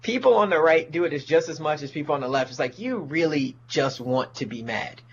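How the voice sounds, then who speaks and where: Male stand-up, profane ranting guest, slightly high voice, dull lo-fi mic, faint hum behind. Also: expressive, fairly quick. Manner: profane, ranting, mocks people in put-on voices. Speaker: comedian guest. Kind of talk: casual podcast chat.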